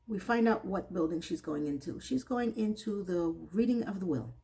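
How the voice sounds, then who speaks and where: A woman's voice: medium pitch, expressive, normal speed, warm tone, poor audio. A woman giving a casual recap of a TV episode, breaking off into exasperated, sarcastic asides. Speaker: TV recap reviewer.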